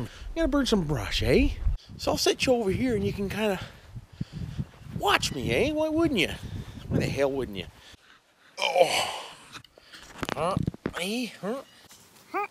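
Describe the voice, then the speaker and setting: A man from Canada, chatting folksy and casual in a vlog, dropping "eh" and "friggin' right" all the time. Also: a little high. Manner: folksy, repeats tag phrases like "eh" and "friggin' right". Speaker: vlogger. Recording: echoey space with faint noise.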